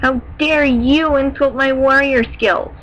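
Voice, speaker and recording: A young cat warrior hurls back indignant, raised words, voiced by a woman reading a story. The voice is pitched a little higher and louder than her narration, with a faint hum of noise in the background. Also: steady tone, moderate pace, lo-fi sound. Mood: furious. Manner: shouting, indignant.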